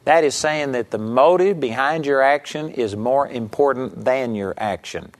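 A middle-aged man preaching a radio sermon as a pastor, telling stories and quoting people in a raised, lively voice. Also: mid-range voice, moderate pace. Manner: animated storytelling preacher, quotes people in raised voice.

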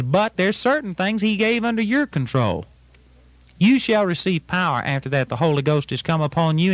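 Man, Bible teacher, higher-pitched voice, emphatic and repetitive, dry close recording. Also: dry recording, highs cut off. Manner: emphatic, repeats key phrases, explains scripture step by step.

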